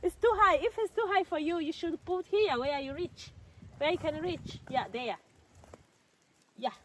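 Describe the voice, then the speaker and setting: A woman's voice: very high-pitched, normal speed, a bit bright, a little hiss or hum. A young woman with a Rwandan accent filming a casual vlog outdoors in the snow with her son, coaxing him along, mixing English with Kinyarwanda and laughing often. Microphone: phone camera.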